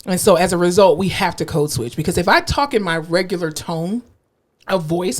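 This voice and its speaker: A woman co-hosting a podcast in casual chat, blunt and animated, swearing freely, with a slightly nasal speaking voice. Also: on the low side, moderate pace. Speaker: podcast co-host.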